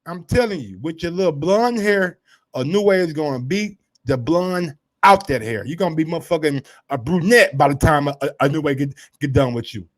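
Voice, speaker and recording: Dude doing a boxing commentary rant, kinda high voice, cussing, gets loud and fired up. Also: male voice, expressive, normal speed. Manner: brash, profane trash-talk, gets loud and heated. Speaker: sports commentary host. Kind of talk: casual sports commentary monologue.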